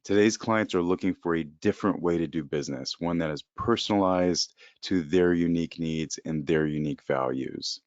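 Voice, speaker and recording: A man's voice: sits low, moderate pace, hardly any pauses, darkish tone, no echo, muffled recording. A man presenting a slide-based business webinar for accounting firms, explaining steadily with frequent "uh" fillers. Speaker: presenter for an accounting-firm coaching program.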